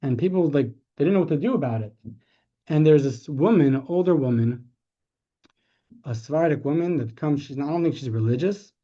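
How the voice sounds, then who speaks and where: Animated man lecturing, lo-fi sound. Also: brisk. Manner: animated, rises in pitch when making his point; self-correcting, conversational. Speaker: rabbi teaching a class. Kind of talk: storytelling lecture. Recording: dull lo-fi sound.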